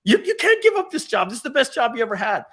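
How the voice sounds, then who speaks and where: A man doing a shrill, alarmed wife. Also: sing-song, fast talker, bright, forceful tone, full character voice. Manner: high-pitched, shrill and indignant.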